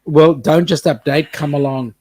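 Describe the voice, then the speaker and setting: A man's voice: a little high, steady tone, normal speed, a little mellow. A man with a mixed British and New Zealand accent co-hosting a casual live-stream chat, reading out viewer comments and joking around. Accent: British and New Zealand mix. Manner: chatty, reads out viewer comments, jokes around. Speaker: co-host.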